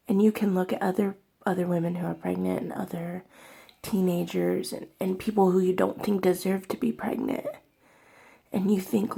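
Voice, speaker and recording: Young woman vlogging, teary and halting, kinda low and raspy. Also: fairly even intonation. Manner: tearful, halting, many fillers and soft whispery stretches. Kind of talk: emotional personal vlog.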